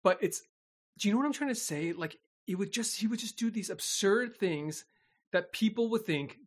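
A man telling a story in casual chat, animated and laughing often. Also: sits high, normal speed.

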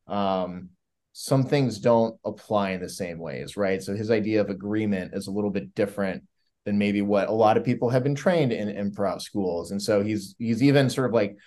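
Low-ish male voice, thinking out loud, lots of hedging and "sort of". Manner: thoughtful, hedging, searching for words. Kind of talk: casual chat.

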